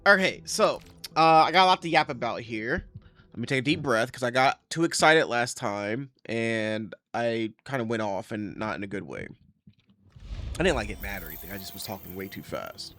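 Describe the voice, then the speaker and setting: A man's voice: mid-range voice, lively intonation, moderate pace, fairly bright tone, no echo. A man giving casual, rambling commentary over his factory-building game, correcting himself often as he talks. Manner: rambling, self-correcting, chatty. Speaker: game streamer.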